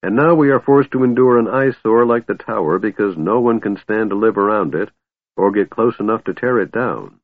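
Male narrator as a sniffy, pompous lord, low voice, tinny dry audiobook sound. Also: moderate pace, no echo. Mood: dismissive. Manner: sniffing, dismissive, indulgent. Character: pompous, gloomy older city lord. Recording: narrow phone-like audio, dry.

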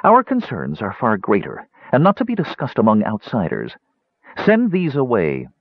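A man reading the part of a proud female sorceress who speaks in a low, cold, scornful way. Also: huge pitch swings, normal speed, no room sound, highs cut off.

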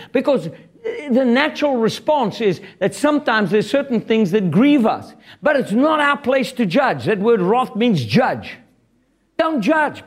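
A male preacher delivering a sermon in a high-pitched voice. He is blunt and joking, and he quotes scripture with lots of animation.

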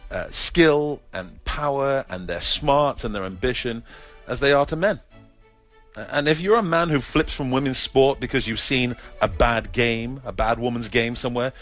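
A man delivering an earnest, forceful opinion piece as a commentator. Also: mid-range voice. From Britain. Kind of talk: opinion monologue.

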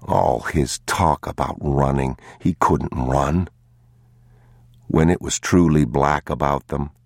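A man narrating an audiobook in a slow, grave, measured manner. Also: rumbling low, dry recording, clean studio sound.

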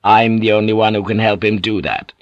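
Man doing a shrewd tired old warlord, low voice, slow and calculating, dry close sound. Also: steady tone, no echo, muffled recording, close to an everyday voice. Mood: calculating, intimate. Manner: measured, calculating and quietly commanding. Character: shrewd, weary older male warlord.

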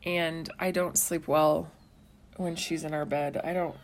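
A woman's voice: sits low, flat delivery, measured pace. A young woman co-hosting a casual home podcast, tired and frank, peppering her talk with 'like'. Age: young adult. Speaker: podcast co-host. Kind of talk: casual chat.

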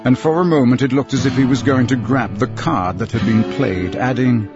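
A man narrating an audiobook in an expressive storytelling manner. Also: mid-range voice, normal speed, few pauses, over music. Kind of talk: scripted narration. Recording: dull, dry recording.

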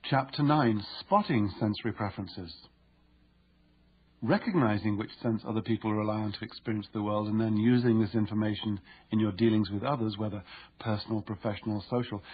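A man reading his own book aloud as narrator, in a measured, explanatory way. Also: on the low side, muffled recording, a little hiss or hum. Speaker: author and narrator. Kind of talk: audiobook narration.

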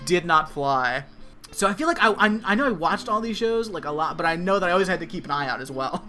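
A man's voice: a little high, fairly quick, sharp tone, soft background music. A man co-hosting a podcast, chatting casually and rambling with lots of fillers while reviewing a TV episode. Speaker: podcast co-host.

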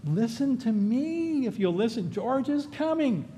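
A man voicing a steady man calmly reassuring a panicking friend that help is on the way. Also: measured pace, slightly rough, full character voice. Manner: steady, patient, insistent. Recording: echoey hall, faint rumble.

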